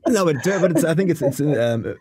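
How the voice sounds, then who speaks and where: A man interviewing a guest, speaking haltingly with many restarts and repeated words. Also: fairly high pitch, animated, darkish tone, husky, dry recording. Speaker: interviewer, podcast host. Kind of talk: conversational interview.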